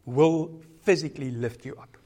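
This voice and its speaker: A man's voice: fairly high pitch, moderate pace. Earnest South African preacher man. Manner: earnest preaching, code-switching, varied loudness. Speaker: pastor. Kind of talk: sermon.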